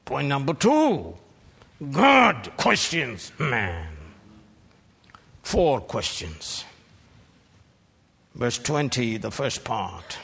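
Man preacher, fiery sermon, very slow and emphatic, lively pitch swings, long hall reverb. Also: vocal fry, slightly rough. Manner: slow, emphatic, rises to shouted peaks.

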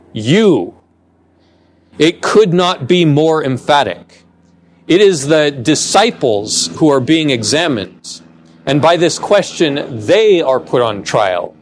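A man preaching a sermon, slow and deliberate, with emphatic pauses on key words. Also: fairly high pitch, no room sound. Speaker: pastor.

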